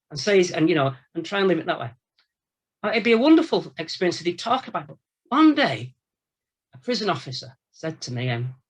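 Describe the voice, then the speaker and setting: A priest with a fairly high male voice gives a relaxed Lenten talk. He tells anecdotes in a conversational, colloquial manner and acts out the voices of the people in his stories. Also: husky. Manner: storytelling, animated anecdotes with quoted voices; informal, colloquial phrasing. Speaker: Catholic priest, former prison chaplain.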